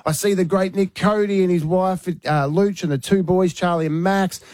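A man's voice: sits high, normal speed, no room sound. Australian man, radio host, casual storytelling, laughs, dry studio sound. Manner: animated storyteller, laughs often.

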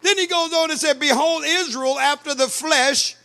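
A man preaching a sermon, fervent, breaking into shouts and sing-song cadences. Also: very high-pitched, normal speed.

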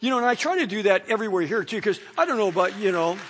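A man's voice: high voice, expressive, very fast, background noise. A middle-aged man, a pastor, preaching a conversational sermon full of stories and fillers. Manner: conversational, storytelling, many fillers.

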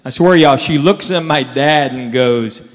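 A man performing a stand-up routine, telling animated stories and acting out his relatives. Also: medium pitch, a little slow. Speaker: stand-up comedian. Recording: live venue with long reverb, faint crowd noise.

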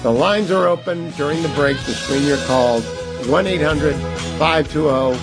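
A man's voice: on the high side, measured pace, over loud music. A man hosting a political talk radio show, making emphatic, preachy fundraising appeals with scolding asides.

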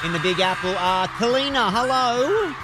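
A man with an Australian accent hosting a radio call-in show, upbeat and joking with callers in quick back-and-forth. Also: very high voice, animated, background noise. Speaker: radio host. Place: radio studio. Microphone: studio mic.

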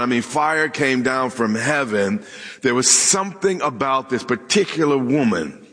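A male pastor preaching to a church congregation, mixing humor with pointed questions to the room. His voice sits at an ordinary pitch and rings with a long hall reverb. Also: a bit bright. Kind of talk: sermon.

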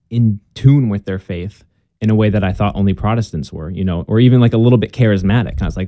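A man's voice: on the low side, quick pace, dark tone, dry recording. A young man telling his conversion story in a casual interview, earnest and chatty with plenty of fillers and restarts.

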